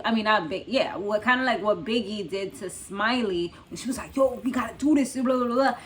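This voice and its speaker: A young woman hosting her own channel, recapping a reality show in a chatty, loose way, full of fillers and frequent laughs. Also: on the high side. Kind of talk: casual recap commentary.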